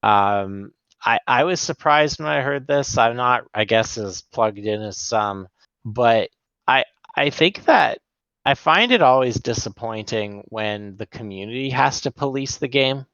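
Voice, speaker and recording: A man co-hosting a gaming podcast, speaking hesitantly and in a measured way, often stopping and restarting. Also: medium pitch, lively intonation, a bit bright, no echo, muffled recording. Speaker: podcast co-host. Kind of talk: casual podcast chat.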